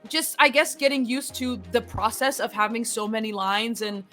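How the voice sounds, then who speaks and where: Young woman gushing fast in a podcast chat, bright forceful voice, bit of music under it. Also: fairly high pitch. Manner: fast-talking, excitable, laughs often. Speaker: voice actress guest. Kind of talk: casual chat.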